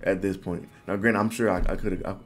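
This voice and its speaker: A man in his twenties telling a personal story to the camera in a casual, animated, slangy way. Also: low-pitched, a little fast, faint music behind. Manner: animated, loose slangy talk full of "bro". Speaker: vlogger.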